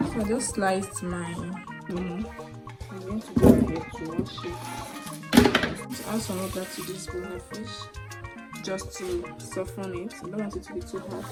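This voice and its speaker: A young Nigerian woman with a Nigerian accent hosting her cooking channel, chattily naming each ingredient as she shows it. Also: mid-range voice. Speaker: cooking vlogger. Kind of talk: recipe demonstration. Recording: echoey room with faint music.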